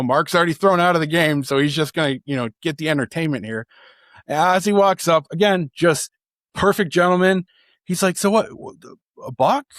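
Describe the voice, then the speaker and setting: A man's voice: medium pitch, no echo, studio quality. Chatty male podcast storyteller. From Chicago area, USA. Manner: animated anecdote-telling, many fillers. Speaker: podcast co-host. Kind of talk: casual chat, storytelling.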